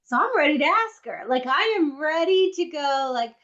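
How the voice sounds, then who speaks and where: Higher-voiced woman telling a comic story. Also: animated, normal speed, hardly any pauses, a bit bright, dull audio. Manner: comic storytelling, acting out her own inner thoughts. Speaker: podcast co-host. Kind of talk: casual chat. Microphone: computer microphone on a video call.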